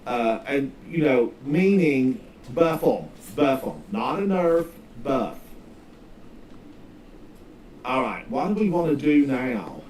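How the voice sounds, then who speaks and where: Slow, drawling Southern man streaming. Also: medium pitch, sing-song, a little mellow. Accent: Southern US, North Carolina. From North Carolina, Smoky Mountains. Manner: rambling, folksy, drawls out words. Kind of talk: casual gaming livestream chat. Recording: distant mic, faint background noise.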